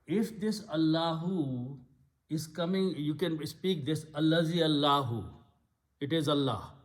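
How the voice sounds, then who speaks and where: With a fairly high voice and a slightly slow pace, this man leads a patient lesson on scriptural Arabic grammar. He explains each step and repeats key words, speaking in a classroom at an Islamic center.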